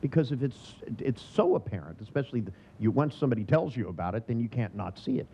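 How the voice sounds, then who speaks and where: Gravelly, sardonic older man lecturing. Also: medium pitch, very animated, fast, dark tone. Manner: sardonic, acts out quoted voices. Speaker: seminar trainer. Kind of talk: humorous seminar lecture. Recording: dull lo-fi recording with faint noise.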